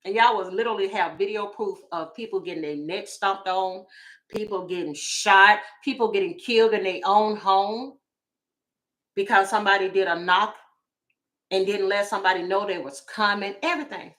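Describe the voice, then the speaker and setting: A woman tarot reader giving casual opinion commentary to camera, animated and sassy, talking straight to her viewers. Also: medium pitch. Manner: mimics other people in quick asides.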